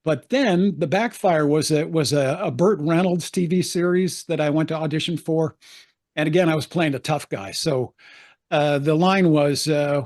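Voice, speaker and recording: A man's voice: a little high, moderate pace, a little mellow. An older man, an actor, telling anecdotes in a chatty interview, laughing often and acting out the voices he quotes. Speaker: actor guest.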